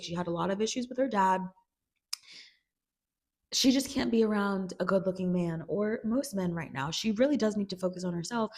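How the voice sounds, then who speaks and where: Woman, casual recap chat, chatty, filler words, mid-pitched voice. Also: darkish tone. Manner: chatty, filler "like", acts out characters' quotes. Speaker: video creator recapping a TV series.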